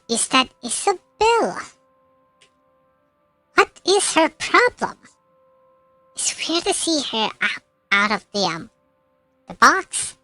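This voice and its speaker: A woman's voice: extremely high pitch, a bit bright, no room sound. A woman streamer reading game narration aloud, with occasional slips and self-corrections.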